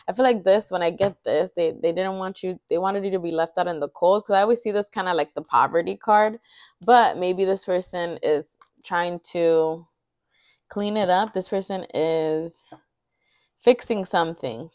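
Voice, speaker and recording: Low-voiced woman rambling through a tarot reading. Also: moderate pace, darkish tone, no echo. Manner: rambling, thinking aloud with many fillers. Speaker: tarot reader. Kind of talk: intuitive card reading, casual monologue.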